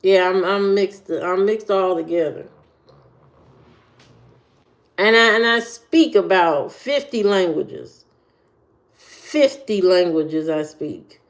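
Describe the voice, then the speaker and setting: A woman's voice: fairly low pitch, lively intonation, slow pace. A woman from Indiana chatting on a livestream and answering viewers, rambling and repeating her phrases. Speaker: livestream host.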